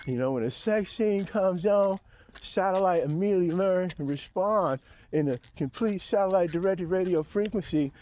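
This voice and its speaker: A man talking to camera in a profane, rambling monologue, often chuckling to himself. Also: darkish tone. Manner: profane, rambling, laughing to himself, mocking high voice for quotes. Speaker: vlogger.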